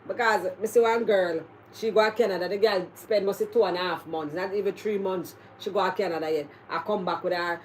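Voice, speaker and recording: A Jamaican woman hosting a casual chat, telling animated stories and laughing often. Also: medium pitch, fairly quick, hardly any pauses, a little hiss or hum. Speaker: host.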